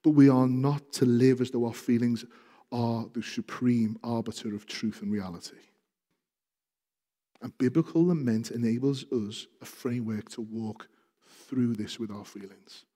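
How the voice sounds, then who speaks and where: A man preaching a sermon, speaking with passion and growing loud when he reads scripture aloud. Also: medium pitch, a little slow. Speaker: pastor. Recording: reverberant hall.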